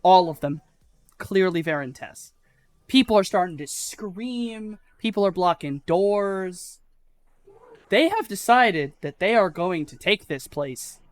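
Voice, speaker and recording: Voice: medium pitch, expressive, slow pace, dry recording. A game master narrating a live tabletop game in a casual, swearing, filler-heavy way.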